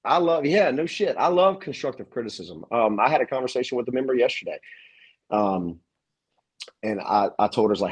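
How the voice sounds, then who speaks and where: A man's voice: mid-range voice, lively intonation, fairly quick, husky, rough recording. A man who owns a gym, talking as a podcast guest in a rambling, emphatic way with many restarts. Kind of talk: casual interview chat.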